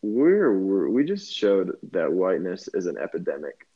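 A man's voice: low voice, wildly swooping pitch, normal speed, dark tone, husky, muffled recording. A man co-hosting a casual comedy chat, making playful, absurd jokes.

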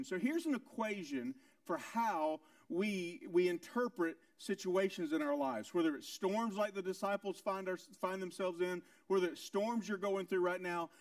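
A male pastor preaching a sermon with emphatic rhetorical questions and repeated phrases, moving between loud, high lines and quiet, low ones. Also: no echo, clean studio sound, far from the mic.

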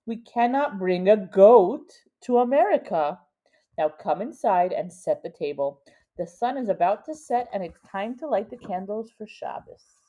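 A woman reading the part of a stern, loving mother who talks in firm, hushed tones, on a dull lo-fi recording. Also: medium pitch, expressive, a little slow.

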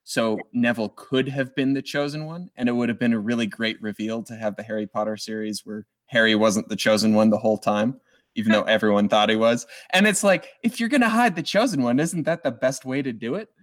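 A man's voice: medium pitch, brisk. A man in casual book club chat, joking wryly and swearing casually. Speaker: book club podcast member.

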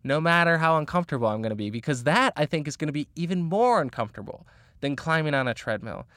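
An encouraging man talks through motivational advice in a relaxed, chatty way, full of "like" and "you know." His voice is smooth and clear, recorded dry and close. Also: a little high, fast talker, no echo. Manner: earnest, encouraging, with frequent fillers. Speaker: motivational speaker. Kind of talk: casual motivational monologue.

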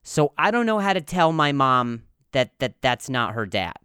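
A man's voice: mid-range voice, very animated, moderate pace, pushed and bright, clean tone, no echo, clean studio sound. A man in his twenties hosting a solo comedy podcast, rambling, stammering and poking fun at himself. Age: 20s. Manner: rambling, stammering and self-deprecating. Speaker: podcast host.

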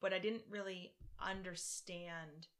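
Animated woman with a low bright voice. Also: slow pace. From Virginia, US. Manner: animated, laughs often, acts out her own quotes. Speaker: podcast guest, practicing shaman. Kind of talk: casual interview storytelling.

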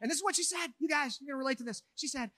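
A man from Minnesota, a pastor, preaching a sermon with animated, joking delivery that swings from quiet asides to shouts. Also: very high-pitched, racing, dry recording.

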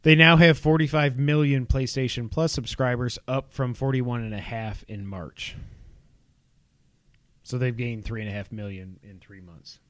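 A man running through gaming headlines on a casual podcast, dropping quick wry asides between items. His voice sits in a middle register and is recorded close and dry, with no room sound. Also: medium pitch, fairly even intonation, a bit bright, clean tone, no room sound. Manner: rapid news rundown with wry asides. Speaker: podcast co-host reading gaming news. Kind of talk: casual chat.

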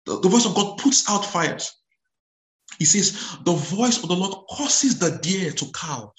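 A man preaching a sermon. He repeats words, restarts his phrases and calls out hallelujah, and he reads scripture aloud slowly and with weight. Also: sits high, expressive, echoey room.

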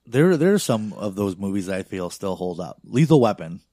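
A man's voice: fairly low pitch, very animated, fairly quick, warm tone, dry recording, clean studio sound. A young adult man telling rambling, profane stories in casual chat. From not from a big city. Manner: profane, rambling storytelling with lots of fillers.

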